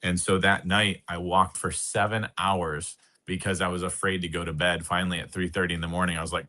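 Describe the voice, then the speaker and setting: A man with a very low voice and a bright, forceful edge tells his story as a podcast guest. He speaks earnestly and slowly, leaning into heavy pauses. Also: little pitch movement. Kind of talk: personal storytelling.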